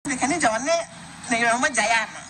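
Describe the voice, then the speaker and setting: A woman telling an animated story in casual gossip chat. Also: fairly high pitch, racing. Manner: animated storytelling, switching between Twi and English. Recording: noisy background.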